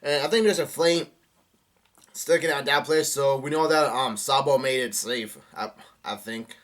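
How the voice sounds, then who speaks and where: A man's voice: medium pitch, fairly bright tone. Male host reading a comic aloud live, hesitant delivery full of fillers. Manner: reads aloud haltingly with many fillers and restarts. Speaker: manga reaction host.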